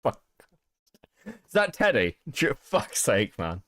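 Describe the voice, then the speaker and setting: A man's voice: mid-range voice, huge pitch swings, slow pace, a bit bright, no room sound, clean studio sound. Laughing, swearing British man streaming. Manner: laughing, swearing, rambling asides. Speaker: stream host. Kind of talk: casual live-stream commentary.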